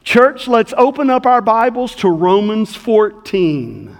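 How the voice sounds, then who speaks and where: A man voicing a kindly old-time male preacher who speaks in a loving, unhurried way. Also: high-pitched, big pitch swings, gravelly, in a large hall, heavily acted.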